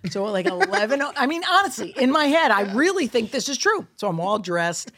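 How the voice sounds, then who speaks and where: A woman's voice: on the high side, fairly quick. A middle-aged woman comedian hosting a podcast, telling stories in a casual, profane way and acting out quotes. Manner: animated, profane storytelling with acted-out quotes.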